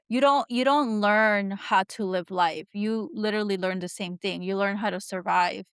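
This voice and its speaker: A woman hosting a podcast, talking in a soft, reflective, rambling way with many fillers. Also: medium pitch, smooth, no room sound, clean studio sound. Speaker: podcast host. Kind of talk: casual heartfelt conversation.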